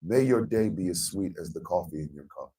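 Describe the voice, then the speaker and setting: Deep-voiced American man ranting on radio. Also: lively intonation, a little fast, dark tone, distant mic, low-quality recording. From United States. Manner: emphatic, blunt, profane. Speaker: radio morning show host. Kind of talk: impassioned radio monologue.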